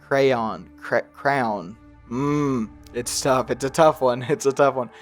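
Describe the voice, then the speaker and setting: A man's voice: mid-range voice, fairly even intonation, a little slow, soft background music. A young man with a slight accent he tries to hide, giving casual gameplay commentary in a rambling, self-deprecating way with frequent laughs. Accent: slight regional accent he tries to hide. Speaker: gaming youtuber.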